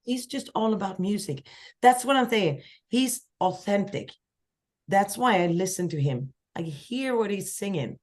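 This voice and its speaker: A woman from Sweden, a singer-songwriter guest telling lively stories in a casual podcast chat. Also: unhurried. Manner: lively storyteller, acts out quoted voices with big pitch jumps.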